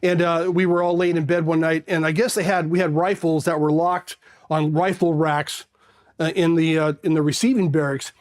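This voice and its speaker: A middle-aged man telling his own story as an interview guest, casual and animated, acting out the voices of people he quotes. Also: a little high, normal speed.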